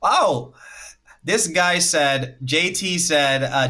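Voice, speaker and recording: A man's voice: on the high side, expressive, drawn-out words, pushed and bright. A man hosting a livestream in a casual way, lecturing and laying out his points one by one. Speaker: livestream host.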